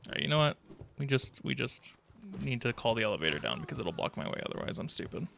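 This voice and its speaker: A man's voice: medium pitch, sing-song, fast, vocal fry, pushed and bright, a little hiss or hum. A man streaming a game, chatting casually and mumbling self-deprecating remarks as he plays. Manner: self-deprecating, mutters to himself while playing. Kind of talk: casual gameplay commentary.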